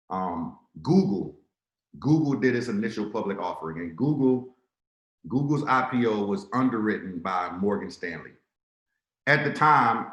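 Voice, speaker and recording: A man's voice: lowish voice, a bit bright, echoey room. A man giving a motivational sales talk on a video call, telling stories and acting out dialogue in quotes. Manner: storytelling, acts out dialogue in quotes. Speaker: speaker on a business call.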